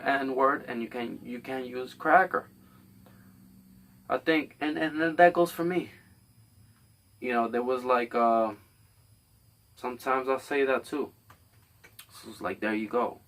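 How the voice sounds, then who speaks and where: A man's voice: mid-range voice, a bit bright, distant mic. A man hosting a podcast, delivering a rambling, blunt, profane comedic monologue. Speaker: podcast host.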